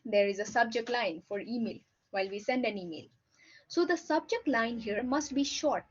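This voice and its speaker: A woman teaches in a patient, explaining way and keeps checking in with her listeners. Her voice sits fairly high. The recording sounds dull and lo-fi. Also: darkish tone. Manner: patient, ends points with "right?". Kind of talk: explanatory lecture.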